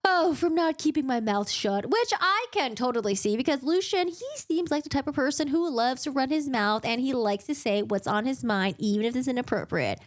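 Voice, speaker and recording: A woman's voice: high-pitched, expressive, a little fast, few pauses. A woman giving a casual, chatty book recap full of joking asides.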